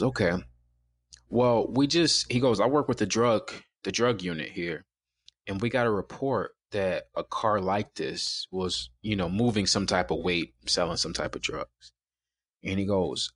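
A young man in his twenties calmly telling a personal story in casual conversation, quoting others as he goes. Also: deep voice, no echo.

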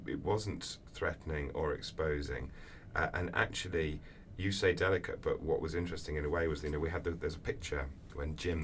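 A man answering interview questions as an author, telling lively anecdotes with acted-out voices. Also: very deep voice. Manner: animated storyteller, acts out voices in anecdotes. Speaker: author guest. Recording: distant mic with faint background noise.

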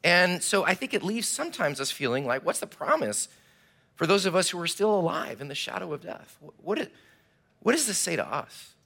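A man preaching a sermon, telling the story with animated, acted-out delivery. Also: sits high, brisk, vocal fry. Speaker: pastor.

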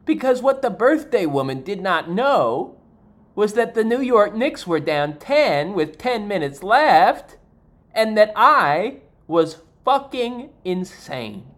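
A man telling a stand-up comedy story, animated and exasperated with deadpan asides. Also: high voice, slow.

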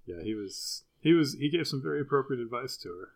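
A man's voice: medium pitch, animated, fast talker. A man co-hosting a podcast over a video call, chatting in a wry, self-deprecating way. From Deep South of the US. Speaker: podcast co-host. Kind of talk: casual chat.

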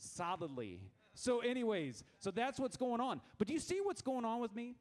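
A man in his thirties telling funny stories to a youth group, animated and self-mocking, with many stammered restarts. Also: very high-pitched, moderate pace. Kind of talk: lively storytelling talk to a youth group.

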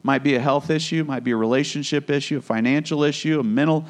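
A man's voice: on the high side, fast. A man preaching a conversational sermon, acting out Bible scenes as he tells them. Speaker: pastor.

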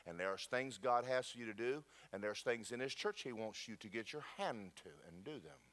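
At normal speed and medium pitch, a pastor preaches with no room sound in the recording. He tells jokes and stories in a lively way, addressing his church directly.

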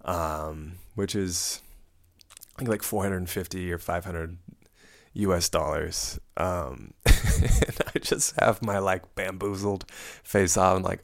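A young man with a low, gravelly voice tells a story from his travels in a loose, rambling way. He pokes fun at himself and often laughs as he goes. His delivery stays casual and conversational. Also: fairly even intonation, a little slow. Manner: rambling, self-mocking, laughs through the telling. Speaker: traveler recounting a trip.

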